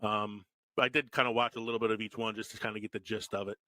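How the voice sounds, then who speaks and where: A man's voice: fairly low pitch, flat delivery, fast, bright, forceful tone, no echo. A man in his forties co-hosting a podcast, telling stories with lots of laughs and swearing. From Philadelphia, US. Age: 40s. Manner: laughs often, profane storytelling. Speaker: podcast co-host. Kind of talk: casual chat.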